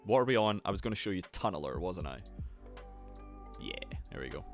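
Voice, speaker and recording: A young man hosting a casual live stream, excitable, swearing freely and greeting his chat. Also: sits low, brisk. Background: faint lo-fi music.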